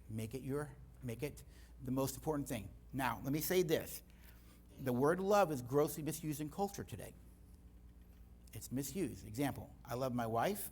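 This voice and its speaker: An older man preaching a sermon in a church, telling stories with lively energy. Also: medium pitch, slight background noise. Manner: storytelling, animated. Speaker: guest speaker.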